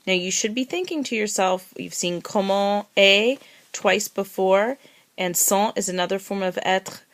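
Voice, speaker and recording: A woman teaching a recorded language lesson, who says phrases slowly, repeats them and spells words letter by letter. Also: mid-range voice. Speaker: French teacher.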